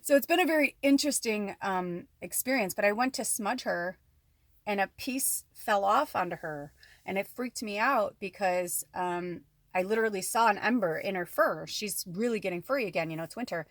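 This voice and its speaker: A woman's voice: medium pitch, moderate pace, no echo, studio quality. A woman giving a casual spiritual card reading at home. She rambles in a chatty way, full of asides and "like". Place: at home indoors.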